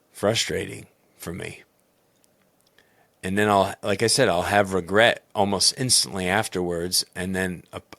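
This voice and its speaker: A man, a baseball coach and podcast host, talking candidly and in a rambling, self-critical way in a loud booming voice. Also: no room sound. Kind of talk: personal reflective podcast talk.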